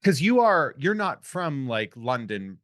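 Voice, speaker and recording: A man's voice: medium pitch, sing-song, measured pace, fairly bright tone, dry recording, clean studio sound. A man hosting a podcast, chatting and joking with his guest in a loose conversational way. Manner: joking, conversational, lots of fillers. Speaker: podcast host. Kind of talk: casual podcast interview.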